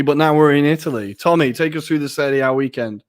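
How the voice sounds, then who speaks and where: A man's voice: fairly high pitch, fast talker. A man co-hosting a football podcast in an easygoing way, moving the show along. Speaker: podcast co-host. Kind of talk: casual football chat.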